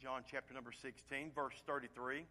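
A man preaching a sermon, moving between loud emphatic points and quiet, hushed asides. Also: mid-range voice, flat delivery, brisk. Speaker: pastor.

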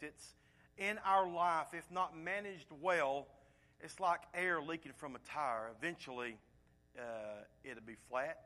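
A man preaching a sermon, moving between loud emphatic points and quiet, hushed asides. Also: a little high. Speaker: pastor.

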